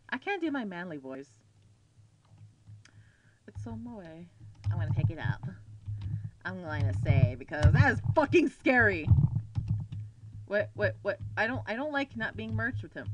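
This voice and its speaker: A woman's voice: mid-range voice, highs cut off, noisy background. A woman playing a horror game on a desk mic, jumpy and easily scared, swearing a lot as she comments. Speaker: let's player.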